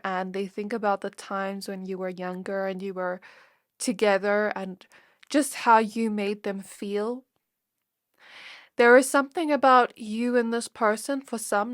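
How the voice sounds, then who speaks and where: A woman reads tarot for her viewers, speaking softly and intimately at an ordinary pitch. She sounds emotional, close to tears. The recording is dry and close, with no room echo. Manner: soft, intimate, emotional and reflective. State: teary, close to crying. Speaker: tarot reader. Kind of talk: pick-a-card tarot reading.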